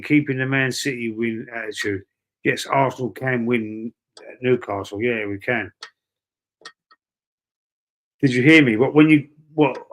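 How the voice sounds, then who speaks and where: A man's voice: medium pitch, fairly bright tone. A man with a Cockney accent hosting a live football watch-along, chatting casually with viewers in a rambling, matey way, repeating himself and reading out comments. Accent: London Cockney. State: breathy asthma-wheezy at times. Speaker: livestream host.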